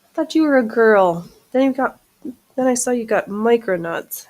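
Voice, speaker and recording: On a low-quality recording, a woman with an expressive, darkish voice talks at a moderate pace while hosting a casual sewing livestream. The channel host is chatty and self-mocking as she stitches, switching to a high baby voice whenever she addresses her cat.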